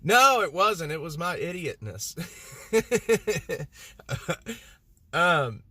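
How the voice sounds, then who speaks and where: A man streaming live, talking loosely to his chat in a somewhat high voice. He rambles from one thought to the next, trips over words and laughs at his own slips. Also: sing-song, extremely slow, bright, forceful tone, no room sound. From Texas. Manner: rambling, self-mocking, talks to chat. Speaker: livestreamer.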